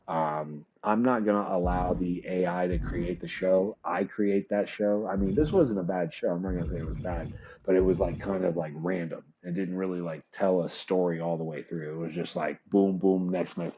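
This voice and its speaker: A male streamer talking through a casual livestream, rambling with fillers, swearing and chuckling. His voice sits low and sounds mellow and relaxed. He drifts loosely from one thought to the next. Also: muffled recording, slight background noise. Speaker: streamer and show host.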